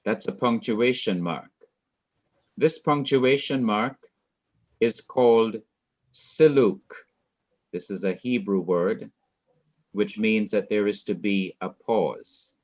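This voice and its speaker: Slow, deliberate male Hebrew teacher. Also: fairly low pitch, muffled recording. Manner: slow, repetitive, deliberate explaining. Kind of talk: classroom lecture.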